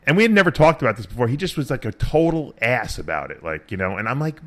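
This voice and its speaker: A man's voice: mid-range voice, big pitch swings, fast talker, fairly bright tone. A middle-aged man hosting a radio show, telling rambling stories in casual, profane chat.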